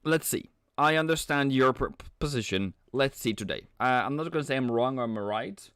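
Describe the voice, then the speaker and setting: Guy doing live trading commentary, smooth clear voice, dry close sound, playful and chatty. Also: mid-range voice, expressive, fairly bright tone, no room sound. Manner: playful, reads and answers live chat; chuckles often, halting restarts. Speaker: trading livestream host. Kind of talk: casual live market commentary.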